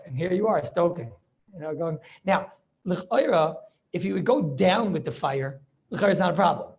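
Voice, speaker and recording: A man's voice: high-pitched, animated, a little fast, gravelly. A man, a rabbi, teaching an informal class over a video call, chatty and sprinkling in study-hall terms. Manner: chatty, mixes in Yiddish and Hebrew study terms.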